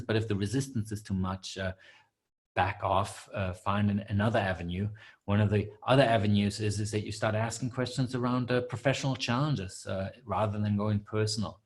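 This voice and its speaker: A man's voice: on the low side, steady tone, brisk, darkish tone. A man hosting a live webinar Q&A as a coach, answering questions with many fillers and restarts.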